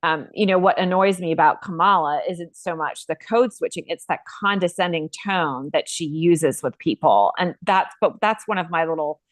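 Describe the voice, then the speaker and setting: Low-voiced woman, dry close sound. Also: normal speed, hardly any pauses, no room sound. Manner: chatty, loose, trailing asides. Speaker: co-host. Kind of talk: casual panel chat.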